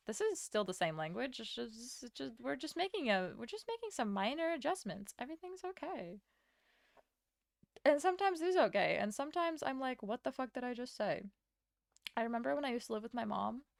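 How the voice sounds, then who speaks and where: A young adult woman streamer, Latvian as her first language, rambles casually while drawing, swears now and then, and answers her chat. Her mid-range voice is smooth with vocal fry, in studio-quality sound with no room noise.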